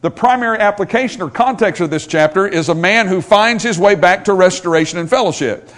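A man's voice: sits high, fairly quick. A male pastor preaching a sermon, building in intensity and pleading when he quotes scripture.

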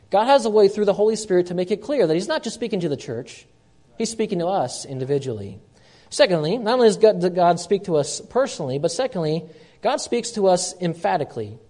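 Emphatic high-voiced male preacher. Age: young adult or middle-aged, a parent. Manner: emphatic preaching, repeats key lines, swings loud and soft. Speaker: pastor. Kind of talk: sermon.

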